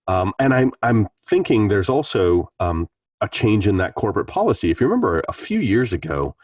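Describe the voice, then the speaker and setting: A man's voice: deep voice, darkish tone, slightly rough, no echo, studio quality, distant mic. A man talking in a rambling, conversational way as a panelist in an online meetup. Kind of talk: casual online meetup discussion. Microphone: video call.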